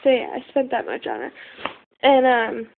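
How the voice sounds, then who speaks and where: A woman's voice: on the high side, very animated, moderate pace, gravelly, narrow, tinny audio, a little hiss or hum. A young woman telling a rambling story in casual talk, full of fillers and the odd swear word, recorded on a phone. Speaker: vlogger.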